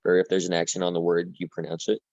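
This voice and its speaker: A man's voice: sits low, completely flat delivery, fast talker, vocal fry, darkish tone, dry recording. A male student asking tentative, curious questions in an online French class. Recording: dull dry call audio.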